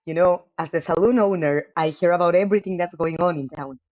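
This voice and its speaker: Woman reading as a genial middle-aged male barkeep from a farming game, lowered easy tone, dull lo-fi mic. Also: fast, a little mellow, close to an everyday voice. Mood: friendly. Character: friendly middle-aged male saloon owner.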